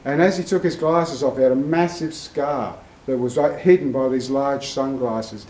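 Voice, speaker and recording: An Australian man and regular vlogger, telling a long, rambling anecdote to camera in a meandering, unhurried way. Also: mid-range voice, darkish tone. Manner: slow, meandering storyteller. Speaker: vlogger, horse owner. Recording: roomy echo, from far off the mic.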